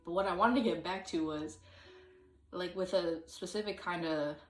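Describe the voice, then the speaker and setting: A woman's voice: fairly low pitch, normal speed, distant mic, soft background music. Rambling woman in an echoey room. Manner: rambling, hesitant, many fillers, sudden sung and acted bits. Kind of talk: casual solo vlog chat.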